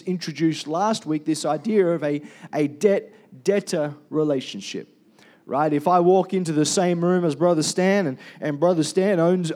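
Male pastor, slightly high voice, conversational sermon to a congregation, quizzes the room. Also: darkish tone. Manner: conversational, asks the congregation questions and calls for amens. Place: church.

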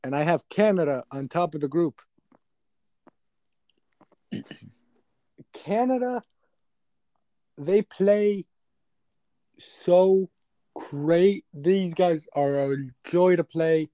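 Brief: young male co-host, slightly high, mellow tone, jokey casual sports banter, dry close mic. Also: takes it slowly, pauses often, no echo. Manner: joking, playful, laughs often. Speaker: podcast co-host.

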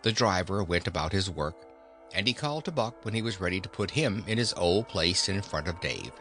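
A man narrating a classic novel as an audiobook reader, in slow, expressive storytelling. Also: low voice. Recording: narration over background music.

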